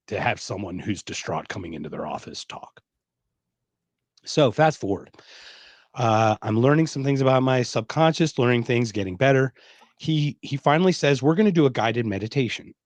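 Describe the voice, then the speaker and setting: A man's voice: mid-range voice, dry recording. A middle-aged man hosting a podcast, telling a personal story in casual conversation and acting out the lines of people he quotes. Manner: animated, emphatic storyteller who acts out quoted dialogue. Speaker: podcast host.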